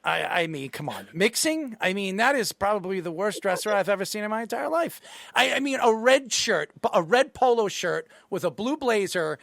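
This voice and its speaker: Gravelly high-pitched man hosting a talk show. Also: animated, moderate pace, fairly bright tone, no echo. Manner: teasing, playful banter. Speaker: show host. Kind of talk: casual sports talk interview.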